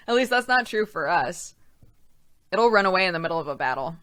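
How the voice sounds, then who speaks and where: A woman's voice: lowish voice, lively intonation, normal speed, fairly bright tone. A woman streamer chatting casually on her weekly show. She talks in loose, rambling runs and laughs often, and she breaks off to thank viewers by name. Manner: chatty, laughs often, reads out chat names. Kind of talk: casual live-stream chat.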